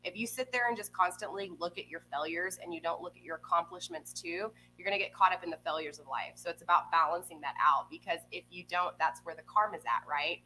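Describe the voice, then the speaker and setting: A woman's voice: lowish voice, expressive, quick pace, hardly any pauses, pushed and bright, a little hiss or hum, poor audio. A woman giving a live tarot reading from home, talking to viewers in a chatty way and often checking in with "okay?" and "right?". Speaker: tarot reader. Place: home room with a pet nearby. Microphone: desk microphone.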